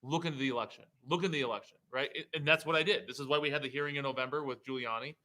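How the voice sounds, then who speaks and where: A man's voice: mid-range voice, fairly even intonation, rapid-fire, sharp tone, poor audio. A man who is a state representative, speaking heatedly and emphatically as a guest in a political interview. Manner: heated, emphatic, rising to indignation.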